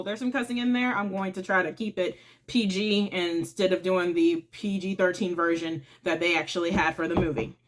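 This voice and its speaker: Chatty woman recapping a movie. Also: mid-range voice. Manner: chatty, informal, retells scenes by acting out lines. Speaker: movie reviewer and channel host.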